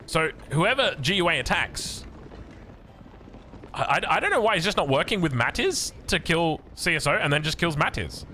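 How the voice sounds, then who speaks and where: Aussie guy casting a strategy game, high voice, gets worked up easy, music going loud under him. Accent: Australian. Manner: excitable, talks to the players, voice jumps high when surprised. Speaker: game caster.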